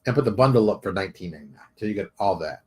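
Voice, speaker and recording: A man in a casual livestream chat as a game publisher and artist, rambling and thinking aloud with animated swings in pitch. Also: racing.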